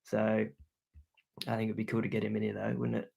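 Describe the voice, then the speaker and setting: A young adult man with an Australian accent, chatting loudly and casually on a livestream as he reads out viewer comments, full of slang. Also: lowish voice, completely flat delivery, a little fast, gravelly, breathy edge. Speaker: YouTuber hosting a livestream.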